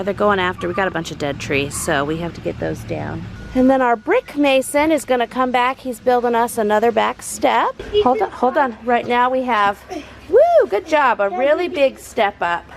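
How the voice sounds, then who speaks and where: A woman's voice: fairly high pitch, moderate pace, gravelly, noisy background. A woman giving a small child a casual tour of the farm animals, talking in a sing-song way.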